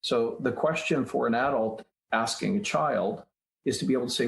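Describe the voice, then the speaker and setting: Brief: male podcast guest, mid-pitch voice, patient teacherly explainer, recorded in an echoey room. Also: moderate pace, creaky. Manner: explanatory, teacherly, walks through steps. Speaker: guest author, child psychologist. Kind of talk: podcast interview. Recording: roomy echoey room sound.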